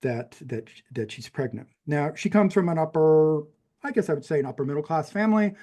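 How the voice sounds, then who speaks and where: A man's voice: a little high, lively intonation, fairly quick, dark tone. A man in his fifties from New Mexico with a general American accent, a podcast guest telling a personal story in a rambling way, with many fillers and restarts. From New Mexico, USA. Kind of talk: conversational storytelling.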